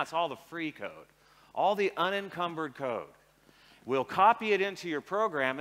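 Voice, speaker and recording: A man's voice: on the high side, a bit bright. A middle-aged man from Seattle giving a conference keynote, irreverent and joking, acting out little dialogues. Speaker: keynote speaker. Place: large arena. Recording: arena reverb.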